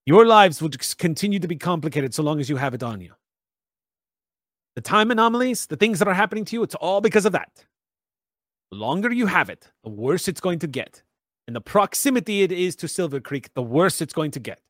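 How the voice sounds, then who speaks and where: Voiced by a man, this is a shady male opportunist who talks in a persuasive, wheedling way. His voice jumps around with a lively, slightly high pitch. The sound is dry and close. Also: brisk, dry recording. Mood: scheming.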